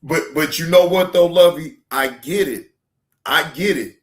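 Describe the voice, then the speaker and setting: Slow-talking, slangy male stream host. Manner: slangy, profane, repeats himself; swings between loud hype and low, quiet asides. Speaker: reaction show host. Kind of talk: casual livestream talk.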